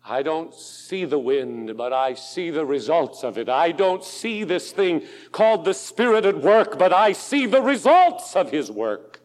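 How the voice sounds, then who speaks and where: A man preaching a sermon in an auditorium, slow and impassioned, dropping to a hush and rising to loud pleas. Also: on the high side, sing-song. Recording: long hall reverb.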